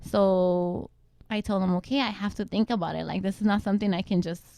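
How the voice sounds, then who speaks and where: A young woman recounting a hard personal story in a talk show chat. Her voice has a gravelly, fry-edged texture, and the recording is close and dry. She keeps slipping into quick quoted lines from the people around her. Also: medium pitch, fairly even intonation, dark tone, dry recording. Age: young adult. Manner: quotes others in quick reenacted lines, many likes. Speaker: guest mother.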